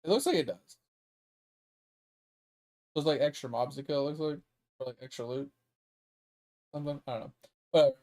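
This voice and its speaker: Young male streamer, high-pitched, profane and worked up while he games. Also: normal speed, pauses often, a little mellow. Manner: profane, heated, exasperated. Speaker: gaming streamer. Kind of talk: casual ranting commentary.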